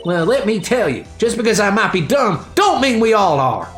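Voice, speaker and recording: A woman voicing a brash, loud Southern woman photographer with a drawling Southern US accent, over game music. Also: medium pitch, big pitch swings, normal speed, echoey room, pitched above the performer's own voice, lightly acted. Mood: scolding.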